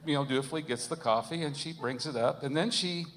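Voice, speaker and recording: A man's voice: a little high, fast talker, a bit bright, a little hiss or hum. A man hosting a live concert, chatting in a rambling way with many fillers and chuckles. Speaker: concert host. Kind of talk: casual live emcee chat. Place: church concert.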